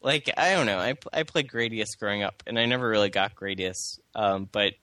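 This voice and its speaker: Low-pitched and sharp, this young male podcast co-host talks briskly in a casual chat about video games. He meanders through it with plenty of fillers and false starts.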